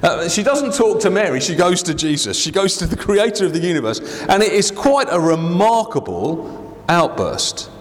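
A man preaches a sermon in a church, with a voice that rises and falls a great deal. He acts out the people he quotes. Long reverb hangs around his words. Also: normal speed. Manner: expressive, acts out quoted voices with big pitch swings. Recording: hall reverb.

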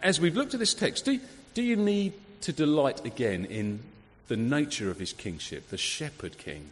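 A man preaching a sermon, conversational and lively, full of rhetorical questions. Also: on the high side, normal speed. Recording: long hall reverb.

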